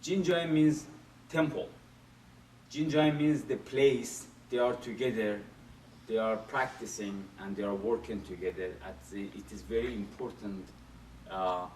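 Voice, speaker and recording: A man teaching a martial arts class, explaining step by step in a halting way and repeating phrases while he demonstrates. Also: on the low side, steady tone, darkish tone. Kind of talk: demonstration lesson. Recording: echoey room from far off, faint hiss.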